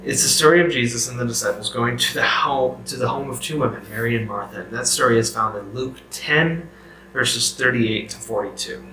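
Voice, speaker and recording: A man's voice: medium pitch, fairly quick, sharp tone, reverberant, low-quality recording. A man leading a youth group bible lesson, talking casually and asking viewers questions. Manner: conversational, self-correcting, asks viewers questions.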